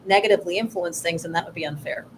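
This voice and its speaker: Woman workshop co-host, lower voice, measured advisory delivery, light background noise. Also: poor audio. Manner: measured, advisory, with many "you know" fillers. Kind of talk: workshop talk on pitching investors.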